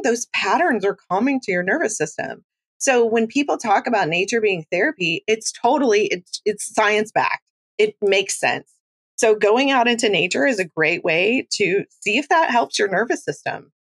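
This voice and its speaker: Woman, middle-aged, grief educator, casual interview talk, animated, medium pitch, dry close sound. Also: slightly rough, no room sound. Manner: animated, chatty, self-deprecating humor. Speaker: grief educator and coach, podcast guest.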